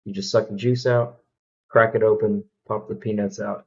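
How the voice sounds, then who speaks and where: Laid-back Alabama man, low mellow voice. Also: level tone, normal speed, gravelly, slightly rough, muffled recording. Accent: Alabama Southern US. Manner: easygoing, thoughtful, trails off with fillers. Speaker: reaction video host. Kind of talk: casual reaction commentary.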